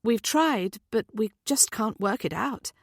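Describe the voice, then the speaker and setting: A woman reading the part of a gentle, caring mother, speaking patiently and kindly. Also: fairly high pitch, lively intonation, unhurried, breathy edge, no echo, studio quality, voice pushed up, full character voice.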